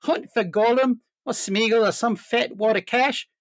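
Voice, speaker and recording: A man's voice: moderate pace, dry recording, clean studio sound. A man putting on a greedy New Zealand director. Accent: New Zealand, exaggerated. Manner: exaggerated, mocking impression with a high lilting voice. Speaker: podcast cohost doing an impression.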